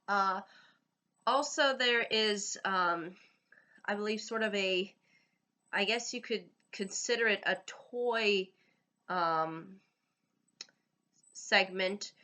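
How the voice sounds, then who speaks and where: Slow, bright-voiced woman vlogger. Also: medium pitch. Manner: hesitant, many fillers and restarts. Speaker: film review vlogger. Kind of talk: casual spoken film review.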